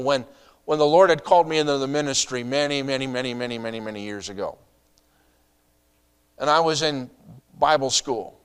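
A middle-aged pastor preaching a sermon in a conversational way, asking the congregation rhetorical questions and adding asides. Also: male voice, mid-range voice, fairly bright tone, clear, resonant tone.

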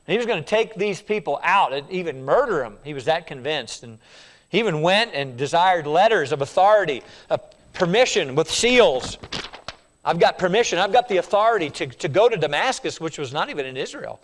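A male preacher works through a passage with emphatic repetition and keeps turning questions on his listeners. His voice sits a little high and swings widely in pitch. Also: lively intonation, a little fast. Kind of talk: sermon.

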